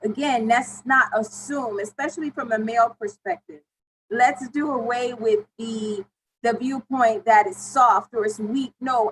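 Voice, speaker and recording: A woman moderating a panel discussion with a slightly high voice. She speaks in a measured, affirming way. A faint hum of noise sits under her voice. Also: steady tone, rough recording.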